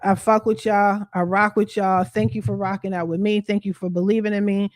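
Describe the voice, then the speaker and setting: A woman coaching on credit repair rants briskly on a livestream, her medium-pitched voice delivered flatly. She's blunt and profane, uses street slang, and addresses the camera directly as she vents.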